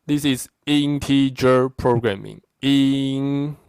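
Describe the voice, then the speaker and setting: A man's voice: mid-range voice, slow pace, a little mellow, clear, resonant tone, no room sound. A middle-aged man lecturing a university class, stressing his points and checking in with frequent "okay?".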